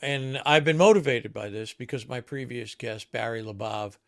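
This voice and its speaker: A man hosting an interview podcast, asking measured questions with halting restarts. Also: medium pitch, vocal fry, fairly bright tone, no room sound, studio quality. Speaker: podcast host. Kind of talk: interview conversation.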